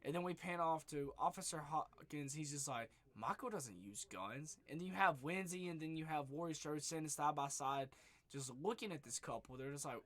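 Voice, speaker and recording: Rambling, bright-voiced young man recapping. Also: on the high side, a little fast. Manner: rambling, swears freely, leans on "just" and "like". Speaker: movie reviewer. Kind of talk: casual spoiler recap.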